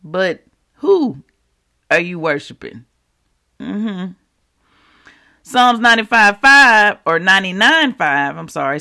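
Bright, forceful conversational preacher. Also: medium pitch, takes it slowly, gravelly, pauses often. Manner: animated, talks straight to the audience with asides; slangy and conversational while quoting scripture. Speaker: Bible teacher. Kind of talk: casual preaching to camera.

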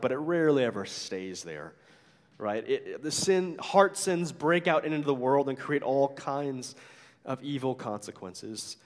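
A man's voice: medium pitch, in a large hall. A man preaching a sermon as a pastor, talking in a conversational way with frequent "right?" asides and acting out the complaints he quotes.

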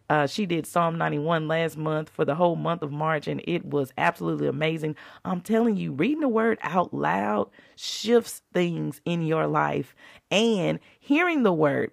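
A woman's voice: on the low side, gravelly, no echo, clean studio sound. A woman hosting a faith podcast, talking in a fervent, colloquial, preacherly way. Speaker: podcast host.

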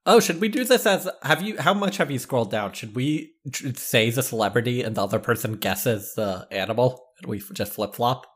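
A man's voice: medium pitch, animated, fairly quick, hardly any pauses, a bit bright, breathy edge. A man co-hosting a podcast in casual chat, teasing and laughing often. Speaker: podcast co-host.

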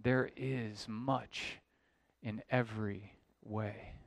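A man's voice: fairly low pitch, fairly even intonation, drawn-out words, vocal fry. A man preaching an expository sermon as pastor, earnest, building to emphatic questions.

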